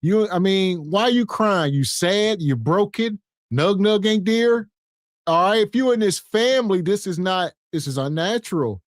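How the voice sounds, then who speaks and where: A man's voice: sits high, expressive, unhurried, no room sound, clean studio sound. Blunt, mocking male podcast host. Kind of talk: reaction commentary.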